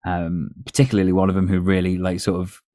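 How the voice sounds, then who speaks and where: Deep-voiced man chatting on a podcast. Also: monotone, fast talker, dark tone, no room sound, clean studio sound. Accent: North West English. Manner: storytelling, chatty with laughs. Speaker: podcast host. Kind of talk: casual chat.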